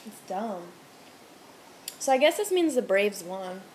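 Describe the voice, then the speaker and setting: A restaurant server in her twenties chats casually to camera in a room at home, the TV on, ranting heatedly, rambling and swearing freely. Her medium-pitched voice is very animated yet a little slow, with a darkish tone, over slight background noise.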